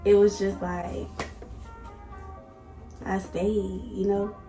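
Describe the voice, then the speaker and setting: A woman vlogger telling a personal story in an animated, emphatic way, addressing viewers directly. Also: mid-range voice, very slow, echoey room, faint music behind. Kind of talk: casual storytime.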